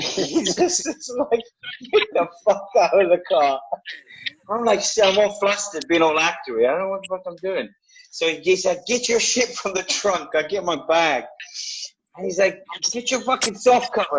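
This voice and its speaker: A man and cast member telling an animated anecdote with heavy swearing and exasperation, acting out the other people's lines. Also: medium pitch, lo-fi sound, a little hiss or hum. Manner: acts out other voices, exasperated.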